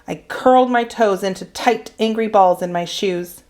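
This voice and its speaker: A woman teacher reading a children's novel aloud in a calm, measured narration. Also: medium pitch. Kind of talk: storybook read-aloud.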